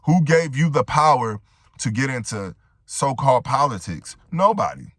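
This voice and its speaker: A man's voice: medium pitch, big pitch swings, normal speed, fairly bright tone, no room sound, studio quality. A man giving a reaction commentary monologue, making rhetorical points and often tagging them with "right?".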